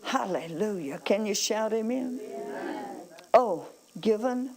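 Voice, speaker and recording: A woman's voice: mid-range voice, a little slow, a crowd in the background, rough recording. A woman preaching a sermon, calling on the congregation for amens and reading scripture aloud with emphasis. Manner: calls out to the congregation, asks for amens.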